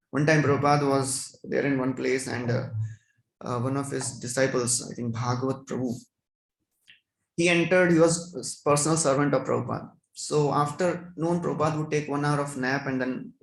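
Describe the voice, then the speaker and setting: A man's voice: a little high, echoey room, poor audio. A man giving a devotional scripture class, chanting verses and then explaining them.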